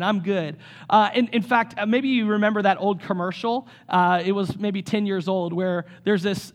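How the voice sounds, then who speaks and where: Male pastor, middle-aged, high voice, chatty sermon delivery with restarts. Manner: conversational, with frequent restarts and asides.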